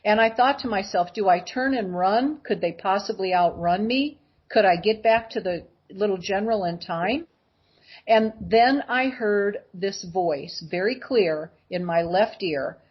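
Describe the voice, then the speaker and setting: A woman's voice: mid-range voice, unhurried, slightly rough, dull audio. A woman guest telling personal stories, acting out the voices of the people in them. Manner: animated storyteller acting out voices. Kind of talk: personal storytelling.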